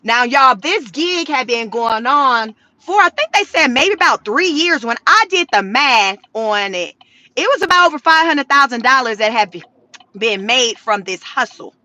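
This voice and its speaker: A woman's voice: on the high side, lively intonation, normal speed, bright, forceful tone, no room sound, low-quality recording. A woman giving casual, slangy commentary on the news, talking straight to her viewers and telling the story with animation. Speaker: commentary vlogger.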